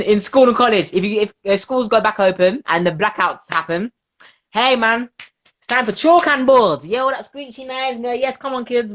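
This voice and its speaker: A lively woman chats on a podcast as a guest. She talks in a medium-pitched voice, laughs often, and mimics the people she quotes with playful put-on voices. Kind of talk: casual chat.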